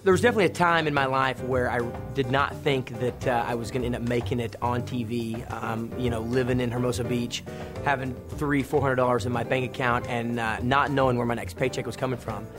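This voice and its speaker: With music in the background, a young adult male TV host talks at a fairly quick pace and medium pitch. He shares anecdotes from his career in a casual interview, animatedly acting out others' lines.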